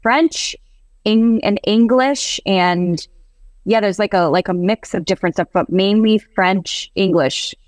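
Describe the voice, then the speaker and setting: A woman's voice: mid-range voice, measured pace, dry recording. Easygoing woman guest telling her story. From Western New York. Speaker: guest, actor and producer. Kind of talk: casual interview chat.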